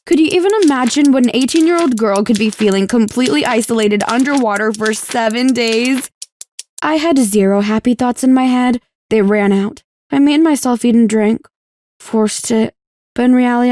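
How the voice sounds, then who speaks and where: A young woman narrating a first-person animated story in a scripted, emotive storytelling delivery. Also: fairly high pitch.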